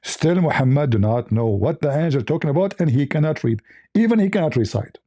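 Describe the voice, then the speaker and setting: A man's voice: fairly high pitch, lively intonation, fairly quick, mellow, dry recording. A man hosting a call-in livestream, arguing insistently with a caller and mocking the other side's points. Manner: mocking, insistent, laughs at his own points. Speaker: livestream host debating a caller. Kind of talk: argumentative livestream call-in debate.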